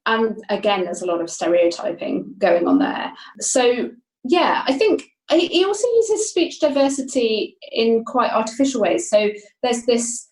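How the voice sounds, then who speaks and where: An academic woman guest talks through her ideas thoughtfully, restarting phrases as she goes. Her voice is slightly high, and the recording sounds roomy and echoey. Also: expressive, unhurried. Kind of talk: explanatory interview talk.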